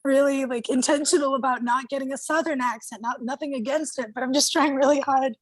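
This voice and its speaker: Woman, young, from Brazil, native Portuguese, chatty, laughs a lot, higher voice, video call. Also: fairly quick, dry recording. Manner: chatty, animated, laughs often. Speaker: media group host. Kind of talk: casual group discussion.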